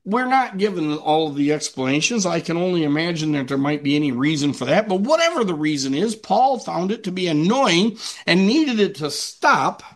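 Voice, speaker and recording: A man with a high voice preaches a sermon to his congregation. He talks conversationally, restarts his sentences often, and acts out quoted voices as he explains the passage. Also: very animated, normal speed, few pauses.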